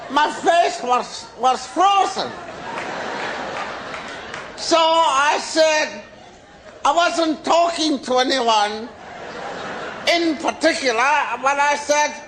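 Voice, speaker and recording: An American comedian in his forties spins a stretched-out story on stage and shouts his punchlines. His voice sits unusually high, and he takes his time with every phrase. Loud laughter and room noise from the crowd fill the recording. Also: extremely slow, long pauses, low-quality recording. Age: 40s. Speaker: stand-up comedian. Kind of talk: stand-up storytelling. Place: comedy stage before a live audience. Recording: live stand-up with loud audience laughter and noise.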